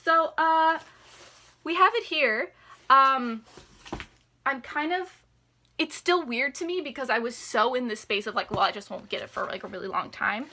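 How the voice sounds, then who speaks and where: Woman, beauty vlogger, casual unboxing chat, bright voice, gushing, lots of fillers. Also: sits high, moderate pace, a little hiss or hum. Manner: chatty and gushing, many "like" fillers, drops to near whispers.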